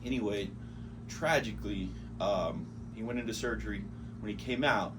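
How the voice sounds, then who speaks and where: A man's voice: lowish voice, moderate pace. A man with a Texan accent, hosting his own podcast and telling a personal story in a casual, rambling way. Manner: conversational, rambling, with fillers. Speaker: podcast host. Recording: distant mic with background noise.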